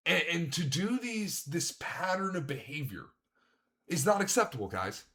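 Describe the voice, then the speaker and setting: A man with a slightly high voice vents furiously in a reaction stream. He swears freely and pushes his points hard. His talk is heated, blunt commentary. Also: sing-song, normal speed, bright, forceful tone. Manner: angry, profane ranting.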